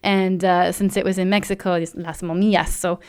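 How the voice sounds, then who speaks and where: A woman hosting a podcast, telling a travel story in a casual, animated way, laughing often and acting out the people she quotes. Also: fairly low pitch, normal speed, clean tone. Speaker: podcast host.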